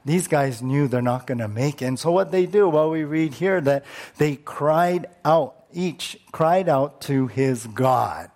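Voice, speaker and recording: A man's voice: a little high, a little slow, a little mellow. A male pastor preaching a conversational sermon and often posing rhetorical questions to the congregation.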